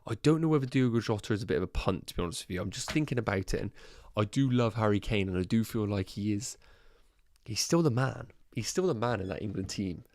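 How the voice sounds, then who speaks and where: A man's voice: lowish voice, expressive, quick pace, a little mellow. A man hosting a fantasy football livestream, thinking aloud in a chatty way and talking to his viewers as guys. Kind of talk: casual livestream chat.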